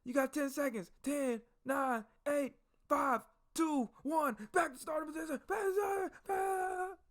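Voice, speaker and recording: A man putting on an army drill sergeant who shouts clipped commands and counts out cadence. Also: extremely high pitch, steady tone, a little slow, voice pushed up. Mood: barking orders. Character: loud barking male army drill sergeant.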